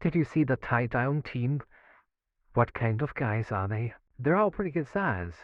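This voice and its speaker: Rambling inmate, man, mid-pitch voice, muffled phone-like audio, chuckles through his stories. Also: lively intonation, measured pace, dry recording. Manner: rambling, laughing, repeats 'you know what I'm saying'. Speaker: death row inmate. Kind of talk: recorded interview, storytelling.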